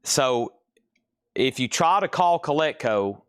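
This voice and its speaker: A man runs a casual live sale from his store, rattling off items and prices. He talks in a chatty, teasing way. His voice sits at a middling pitch and the sound is dry and close. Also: expressive, slow, clear, resonant tone, no echo. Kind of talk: casual live-stream selling.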